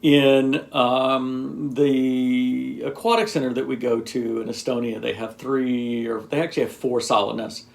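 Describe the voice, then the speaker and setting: A man's voice: medium pitch, steady tone, measured pace, creaky, few pauses. A man talking casually to camera, rambling and explaining in a teacherly way with lots of ums and asides. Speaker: video blogger.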